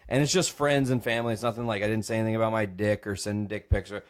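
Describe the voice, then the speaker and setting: Man, low voice, podcast host, animated storyteller, cursing and laughing. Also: quick pace. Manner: acts out voices, swears freely, laughs often.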